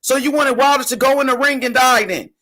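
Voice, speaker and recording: A man's voice: very high-pitched, a little fast, bright, forceful tone. A man hosting a boxing show, arguing heatedly and insisting on being heard. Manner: insistent, interrupting, keeps saying bro. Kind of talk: heated casual debate.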